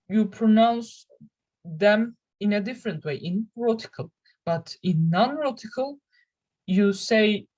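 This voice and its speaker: Young woman, Turkish native speaker, student presenter; slow, careful, stop-start delivery. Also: mid-range voice, a little mellow, rough recording. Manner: careful, halting delivery with restarts. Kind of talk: reading a class presentation.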